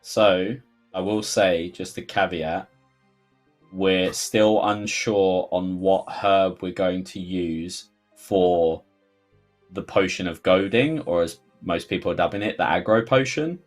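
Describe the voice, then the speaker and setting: Man, London accent, deep voice, rambling livestream chat, faint music behind. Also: slow pace. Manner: rambling with many fillers, jokey outbursts. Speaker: game developer host.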